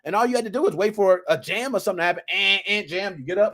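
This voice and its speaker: Animated man in his thirties telling stories. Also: high-pitched, rapid-fire, few pauses. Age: 30s. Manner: animated storytelling, slangy, acts out quotes. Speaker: podcast host. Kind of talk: casual solo podcast talk.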